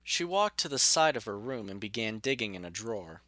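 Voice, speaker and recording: A man narrating a fan audio story in a measured, even way. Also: fairly low pitch, no echo.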